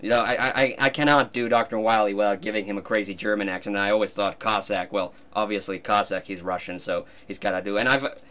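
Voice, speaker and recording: A man's voice: lowish voice, steady tone, quick pace, few pauses, pushed and bright. A man from Finland, a guest cartoonist talking in a casual commentary chat, hesitant and often breaking into laughs.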